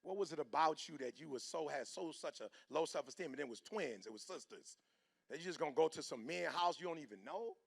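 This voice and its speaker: A middle-aged man giving a motivational talk, animated and preachy, with slang, swinging from hushed to loud. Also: on the high side, fairly quick, creaky, husky. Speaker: motivational speaker. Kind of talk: motivational speech.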